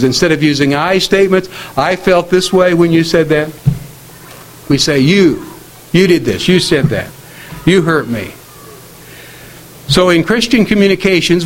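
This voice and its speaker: A middle-aged man preaching a sermon on marriage in a measured, earnest way, slowing down to quote scripture. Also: fairly high pitch, poor audio.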